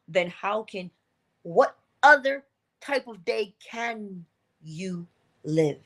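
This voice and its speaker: A woman's voice: medium pitch, expressive, a little slow. A woman giving a motivational livestream talk as an inspirational speaker, earnest and coaching, repeating her key phrases.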